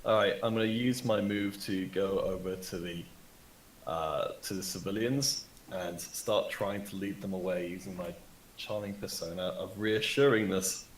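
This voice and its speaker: A man's voice: deep voice, fairly even intonation, moderate pace. A man playing a tabletop game over voice chat, playful and jokey, adding silly sound effects. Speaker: player. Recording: roomy mic with faint noise.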